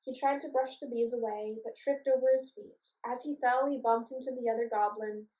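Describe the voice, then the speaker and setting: A woman reading a children's storybook aloud in a clear, expressive way. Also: fairly high pitch, moderate pace. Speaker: storybook reader. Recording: echoey room, voice from a distance.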